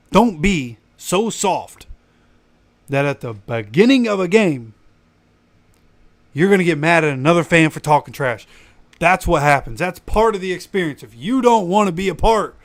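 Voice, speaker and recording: In a casual livestream rant, a fan channel host lectures his audience directly with animated energy. His voice, a little high, is still recovering after he lost it, and the recording is dry.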